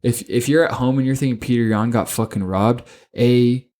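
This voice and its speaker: A young man co-hosting a sports podcast, swearing constantly and tripping over his words as he rushes through his opinions. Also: mid-range voice. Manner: profane, excitable, stumbles and repeats words. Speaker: podcast co-host. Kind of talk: casual sports chat.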